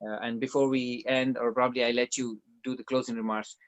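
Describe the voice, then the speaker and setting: A man hosts a webinar over a video call. He reads out questions from viewers in a hesitant way, full of fillers. His voice sits at an ordinary middle pitch. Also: level tone, fairly quick. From Philippines. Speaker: webinar host.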